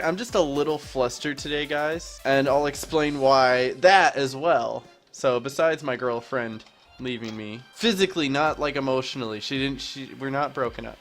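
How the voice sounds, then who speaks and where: A young man chatting casually over his gameplay as a YouTuber, rambling and joking at his own expense. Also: mid-range voice. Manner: rambling, self-mocking, chatty. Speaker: gaming YouTuber. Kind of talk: casual let's-play commentary. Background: soft background music.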